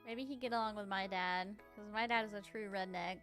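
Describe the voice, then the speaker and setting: A woman's voice: mid-range voice, fairly even intonation, fairly quick, a bit bright. A young woman from the Southern United States with a Southern American accent, chatting in an easygoing way with many fillers. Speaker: guest friend. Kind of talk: casual chat. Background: faint music.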